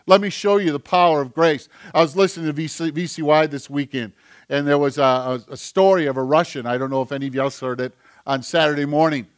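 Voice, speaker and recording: Male pastor, earnest, emphatic sermon delivery, slightly high voice. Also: steady tone, quick pace. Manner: earnest, emphatic preaching that drops to a hush for quiet passages.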